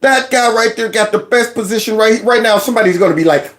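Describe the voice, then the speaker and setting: A man's voice: high-pitched, quick pace, a bit bright. A man hosting a reaction commentary, mocking what he watches and laughing often as he trash-talks. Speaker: commentary host.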